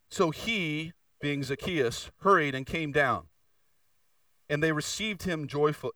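A man preaching a sermon as pastor in a church, moving between fervent, raised passages and quieter, confessional asides. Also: fairly high pitch, no room sound, distant mic, rough recording. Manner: preaching with rising intensity and candid confession. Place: church sanctuary.

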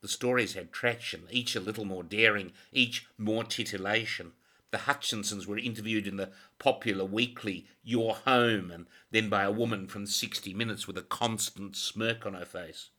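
A man reading a crime novel as scripted audiobook narration, measured and dramatic. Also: on the low side, steady tone, sharp tone.

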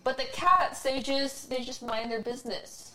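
A woman's voice: sits high, normal speed, sharp tone, poor audio. A woman in casual chat who talks with lots of "like" and swears freely.

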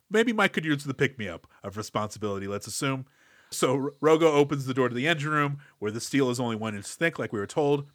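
A man's voice: medium pitch, animated, quick pace, no room sound, studio quality. A man co-hosting a podcast, recapping a movie with wry, playful quips. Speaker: podcast co-host. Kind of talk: casual movie-recap chat.

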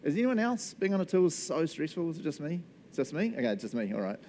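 A man's voice: fairly high pitch, big pitch swings, fast, mellow, slight background noise. A young adult man with a New Zealand accent, preaching a casual, playful sermon as pastor and acting out customers in silly voices.

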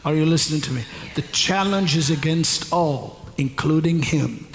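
A man preaching a sermon, teaching slowly and stumbling over repeated words, then rising to loud, shouted declarations. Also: on the high side, slight background noise. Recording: long hall reverb, faint ambience.

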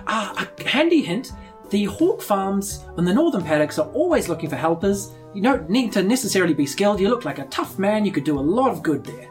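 A woman voicing a brisk, businesslike adult female gnome innkeeper who calls people dear, in a tabletop role-play. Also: mid-range voice, sing-song, faint music behind, natural voice. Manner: polite but firm, calls people dear.

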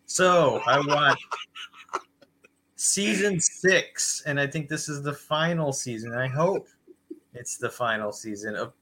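A man's voice: a little high, slow pace, pushed and bright, a little hiss or hum. A man co-hosting a podcast, ranting bluntly and profanely in casual chat. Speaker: podcast co-host.

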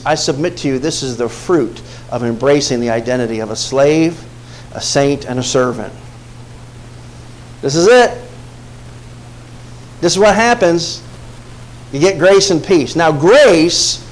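A male pastor preaching a sermon, telling a personal story with dramatic swings from hushed tones to shouts. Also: on the high side, a little hiss or hum, poor audio.

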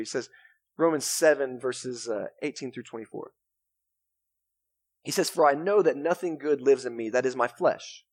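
A man's voice: on the high side, dry recording. A pastor preaching an earnest, conversational sermon and repeating phrases as he goes. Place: church sanctuary.

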